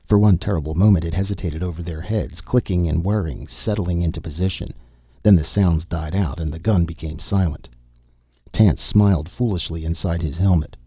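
A man reading a science-fiction story aloud in a steady, even narration. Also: low-pitched, brisk, breathy edge, dry recording, lo-fi sound. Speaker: audiobook narrator. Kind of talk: scripted narration.

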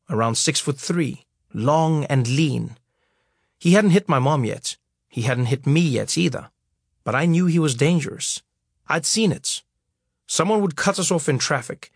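Male narrator, slightly high, husky, wry storytelling read. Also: no echo, clean studio sound. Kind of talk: audiobook memoir reading.

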